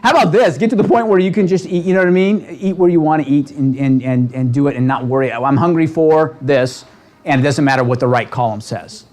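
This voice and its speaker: A man leading a real estate training seminar, talking with a lively, coaching manner and checking in with the room constantly. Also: fairly high pitch, fast, few pauses. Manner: animated, asks the room constant "right?" questions. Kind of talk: motivational seminar talk. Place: seminar room with a live audience.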